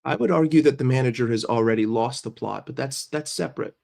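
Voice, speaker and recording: A man's voice: medium pitch, fast talker, gravelly, a little mellow. A man hosting a casual livestream while sick and congested, chatting with viewers, greeting them by name and often repeating himself. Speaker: livestream host.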